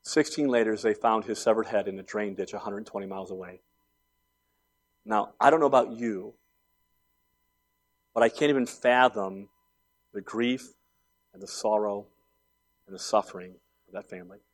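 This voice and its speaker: A man's voice: on the low side, moderate pace, long pauses. A man in his forties preaching a sermon, telling stories conversationally and building to emphatic points. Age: 40s. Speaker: pastor.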